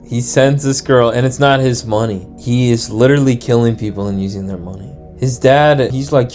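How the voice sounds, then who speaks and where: A man's voice: mid-range voice, fairly quick, few pauses, a little mellow, faint music behind. A young man casually retelling a true crime story, slangy and profane, acting out the people he quotes. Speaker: storyteller host.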